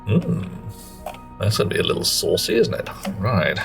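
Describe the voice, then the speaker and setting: A man's voice: fairly low pitch, huge pitch swings, moderate pace, gravelly, a bit bright, faint music behind. Rambling man streaming a game. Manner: rambling, chatty, muttering to himself while playing. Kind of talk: casual live gaming commentary.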